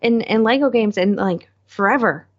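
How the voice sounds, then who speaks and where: A woman co-hosting and producing a podcast, chatting in a rambling, excitable way and acting out what people said. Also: on the high side, moderate pace, dull audio. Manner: rambling, excitable storyteller who acts out quotes. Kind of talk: casual chat.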